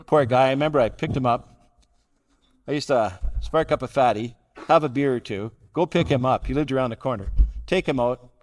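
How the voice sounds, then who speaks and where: An older man tells his own story at a recovery gathering, plain-spoken and laughing at himself. His voice sits at an everyday middle pitch. It rings with the long reverb of a big convention hall. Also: a little fast. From Canada. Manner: blunt, wry self-mocking humor. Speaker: recovery meeting speaker. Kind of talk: personal recovery talk. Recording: hall reverb from a live talk.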